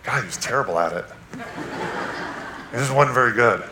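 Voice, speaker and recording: A man preaching a sermon, telling a personal story with animated swings from loud to hushed. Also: medium pitch, normal speed, roomy sound, noisy background. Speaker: guest preacher. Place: church sanctuary.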